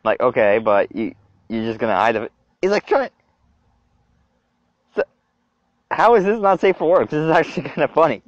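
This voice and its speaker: A young man giving reaction commentary as a video creator, animated and exclaiming to himself. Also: mid-range voice, fairly quick, no room sound. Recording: dull lo-fi dry recording.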